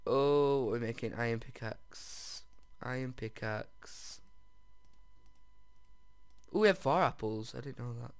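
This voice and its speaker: A man giving let's-play commentary as he plays, excitable, often jumping to squeals over finds and talking straight to his viewers. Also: medium pitch, slow, long pauses, dry recording. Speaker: video game player.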